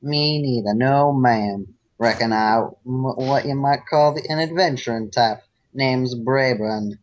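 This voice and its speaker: A man's voice: mid-range voice, measured pace, natural voice. Man putting on a drawling Southern pony drifter. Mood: folksy charm. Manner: drawling, folksy, flirtatious. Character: drifting male pony adventurer, folksy flirt. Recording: dull lo-fi sound.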